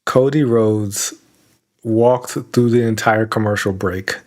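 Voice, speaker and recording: A man's voice: on the low side, fairly even intonation, takes it slowly. A young man co-hosting a podcast in casual chat, laughing often and acting out quoted lines. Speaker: podcast co-host.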